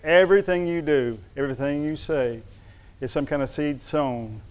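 Speaking at a moderate pace in a slightly high, clean-toned voice, a middle-aged pastor tells folksy stories with humor in his sermon. His manner includes Southern forms of address.

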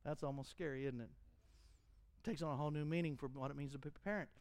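In a church, a middle-aged male pastor delivers an animated sermon, imitating fiery preachers and laughing at his own jokes. His voice is fairly high and fast, recorded with no room sound.

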